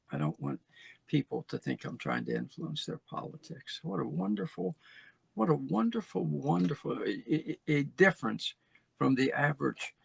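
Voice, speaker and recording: A man's voice: medium pitch, gravelly, fairly bright tone, slightly rough, dry recording. A man hosting a show, talking conversationally with restarts. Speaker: host. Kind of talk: commentary.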